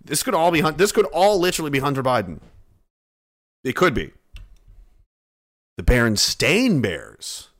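A man's voice: fairly high pitch, moderate pace, pauses often. A young man, from Canada, chatting casually to his chat with profane jokes and rambling stories. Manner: profane, joking, animated storytelling with shouted bits. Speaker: streamer reading chat.

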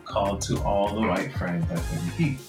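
An author with a Jamaican accent speaks frankly and reflectively in an interview, laughing often. His voice is on the low side, very animated, at normal speed. The room sounds roomy, with faint music.

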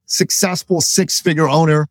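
A man's voice: a little high, fairly even intonation, moderate pace, dry recording, clean studio sound. A man who is an author, a guest on a business podcast, explaining ideas in a confident, upbeat coaching manner. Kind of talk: interview answer, explaining concepts.

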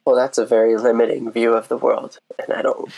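Male podcast co-host, gravelly husky voice, mock-serious teaser who laughs often. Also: mid-range voice. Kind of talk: casual podcast banter.

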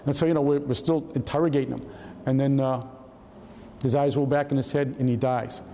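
A man's voice: medium pitch, steady tone, fairly quick, mellow, slight background noise. Older man telling stories in an echoey hall. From Massachusetts. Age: 70s. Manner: conversational, repeats words, acts out dialogue. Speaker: retired FBI agent giving a talk. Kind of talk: storytelling lecture with slides.

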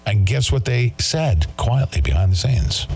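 A man's voice: mid-range voice, sing-song, unhurried, darkish tone, a little hiss or hum. A male talk show host ranting in an emphatic, combative and sarcastic way.

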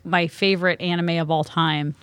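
A woman's voice: fairly low pitch, flat delivery, moderate pace, a bit bright, clear, resonant tone, dry recording. A woman co-hosting a podcast, chatting casually and explaining things with a few restarts. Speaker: podcast co-host. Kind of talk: casual chat.

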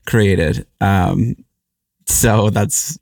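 A man's voice: fairly low pitch, steady tone, very slow, gravelly, darkish tone, no echo, studio quality. A young man co-hosting a casual comedy podcast, rambling and correcting himself, laughing often. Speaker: podcast co-host.

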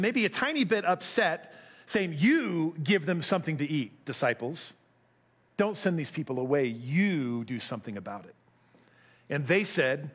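A man's voice: sits high, fairly bright tone. A man preaching a sermon as pastor, conversational, asking the congregation questions and acting out quotes.

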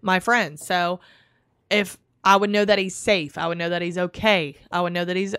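A woman telling a long personal story in casual podcast chat, profane and animated, full of likes. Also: lowish voice, moderate pace, clear, resonant tone, no room sound, studio quality.

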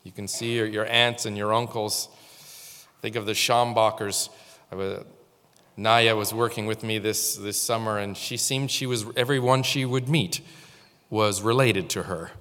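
A man's voice: lowish voice, fairly even intonation, measured pace, a bit bright. A male pastor giving an informal sermon, telling stories and speaking directly to the congregation. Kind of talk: conversational sermon. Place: church. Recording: long hall reverb.

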